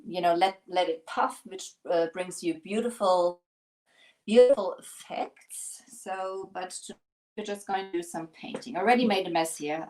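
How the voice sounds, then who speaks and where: A woman's voice: mid-range voice, a little hiss or hum, rough recording. A woman from Germany with a German accent hosting a live crafting demonstration, talking in a chatty, rambling way and joking about herself. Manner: chatty, rambling, self-deprecating. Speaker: craft stream host.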